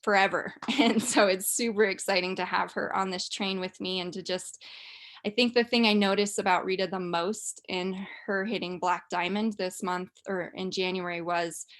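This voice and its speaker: A woman's voice: mid-range voice, fairly even intonation, normal speed, fairly bright tone. Bubbly young woman hosting a live call. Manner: bubbly, enthusiastic, with frequent fillers and laughs. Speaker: host of a business mastermind call. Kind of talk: casual upbeat live-stream talk.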